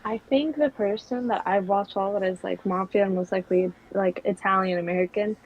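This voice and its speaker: A young woman talks in a loose, rambling way and keeps restarting her sentences around fillers. Her voice sits at a middle pitch for a woman. She is a guest in a casual conversation. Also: steady tone, a little fast, phone-quality sound. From New York City. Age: young adult. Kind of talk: casual chat.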